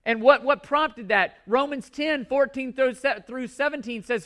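A man's voice: extremely high pitch, measured pace, few pauses, a bit bright. A male pastor delivering a sermon to his congregation in a church, emphatic and repeating key words for stress.

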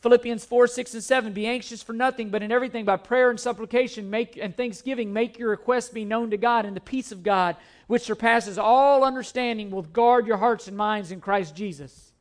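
High-voiced man preaching a sermon. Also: fairly even intonation, brisk, few pauses. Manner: repetitive, emphatic preaching with scripture quotes. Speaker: pastor.

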